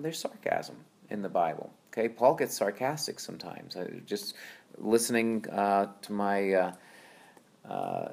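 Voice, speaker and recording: A man's voice: fairly low pitch, creaky. A man explaining how to read scripture in an easygoing teaching talk, conversational and full of tag questions and fillers. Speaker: Bible teacher.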